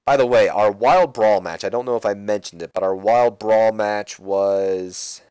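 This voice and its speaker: A man's voice: on the low side, unhurried, darkish tone, smooth, no echo. A man giving casual, rambling commentary on a wrestling management game. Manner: rambling, offhand.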